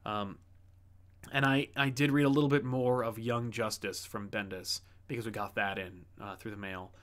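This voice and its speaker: A man's voice: lowish voice, steady tone, moderate pace, fairly bright tone. A man hosting a comic book livestream, chatting casually and rambling with lots of fillers while he reads out viewer messages. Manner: rambling, many fillers and restarts.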